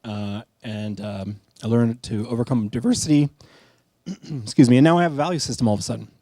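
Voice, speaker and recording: A middle-aged man shares his own story at a live storytelling night, talking in a candid, conversational way and often making fun of himself. His voice is warm and mellow, and the sound is close and dry. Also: mid-range voice, a little fast, no echo. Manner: candid, conversational, self-deprecating. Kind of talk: personal storytelling talk.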